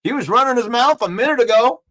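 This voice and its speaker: A man hosting a daily sports talk show, excitable and trash-talking, repeating himself as he builds his case. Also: very high voice, fast.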